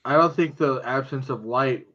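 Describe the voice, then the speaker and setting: A man's voice: mid-range voice, normal speed, fairly bright tone. A man playing a tabletop game, chatting casually with dry, wry remarks. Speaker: player. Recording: dull lo-fi mic.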